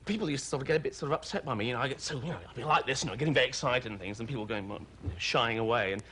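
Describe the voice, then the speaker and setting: A man from Wales with an English accent, an excitable and playful talk show guest who laughs easily. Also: medium pitch, very fast, slightly rough. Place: TV studio.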